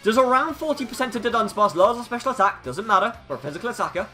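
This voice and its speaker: A man giving excitable live commentary over his own competitive video game battle. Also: high voice, racing, faint music behind. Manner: excitable, hyping up big plays.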